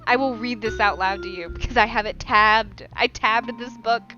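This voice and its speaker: A woman rambling through a casual book review podcast in a profane, animated way, recorded on a lo-fi home mic. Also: on the high side, moderate pace. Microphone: non-professional mic. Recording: lo-fi home mic, faint music.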